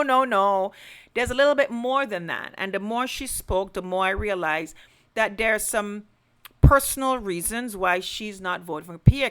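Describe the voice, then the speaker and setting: Woman podcast host, solo commentary, earnest, turns emphatic, mid-range pitch. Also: a bit bright. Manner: earnest, building to emphatic pleas. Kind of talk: direct-to-camera commentary.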